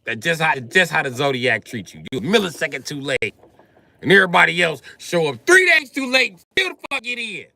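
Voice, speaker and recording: A streamer man with a lively, cutting-bright voice launches into a loud, profane comic rant. He swings from shouting to low grumbles, recorded dry and close to the mic. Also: brisk, creaky, no echo. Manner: animated, profane, jumps between shouting and mumbling. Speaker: livestream comedian. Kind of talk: comedic rant with acted-out voices.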